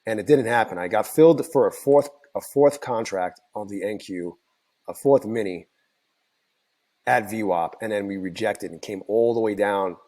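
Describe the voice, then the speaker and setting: A tired man whose voice is going hoarse walks his viewers through his trades in a loose, rambling way. He talks at a fairly low pitch, restarting sentences and filling pauses with ums and likes. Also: warm tone. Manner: rambling, self-correcting, many fillers. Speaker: trading channel host. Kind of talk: casual screen-share recap.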